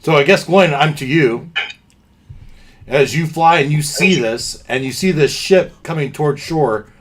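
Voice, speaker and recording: Slow-paced man narrating as game master. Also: fairly high pitch.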